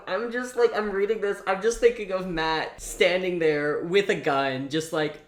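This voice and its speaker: A woman's voice: medium pitch, steady tone, measured pace, hardly any pauses. A woman reviewing a novel in a casual vlog, sarcastic and incredulous as she picks apart the characters. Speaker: book reviewer. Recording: echoey room.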